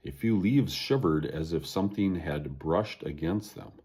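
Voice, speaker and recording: Man, storybook narration, deep voice, husky, very lively intonation. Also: measured pace. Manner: expressive reading aloud.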